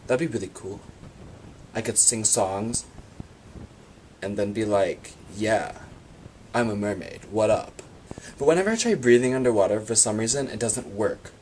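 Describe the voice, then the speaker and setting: A man telling absurd comic stories about his free time in a deadpan monologue. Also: on the low side, normal speed, pauses often, a little hiss or hum. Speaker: vlogger.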